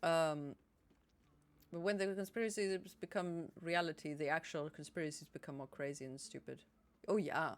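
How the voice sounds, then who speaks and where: A woman's voice: sits low, fairly even intonation, normal speed. A woman streamer chatting casually while gaming, rambling and swearing freely. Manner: rambling, swears, lots of restarts.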